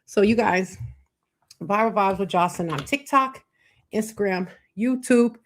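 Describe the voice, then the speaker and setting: A middle-aged woman hosting a live faith-based talk on marriage, preachy and animated, acting out quoted voices. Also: mid-range voice, unhurried, slight background noise. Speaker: show host.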